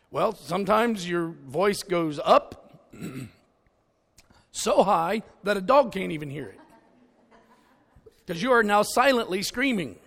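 Guy preaching, jokey stories, voice jumps all over, kinda gravelly. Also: sits high. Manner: animated, jokey, voice swooping up and down. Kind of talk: storytelling sermon.

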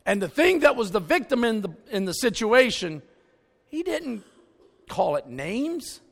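A man preaching a sermon full of stories and jokes, with an animated, jokey delivery. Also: very high voice, unhurried, vocal fry. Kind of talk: storytelling sermon.

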